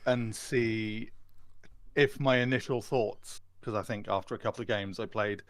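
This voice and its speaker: A man's voice: lowish voice, steady tone, normal speed, dry recording. A man as a guest in a casual gaming chat, rambling and stumbling over repeated words. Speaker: guest player.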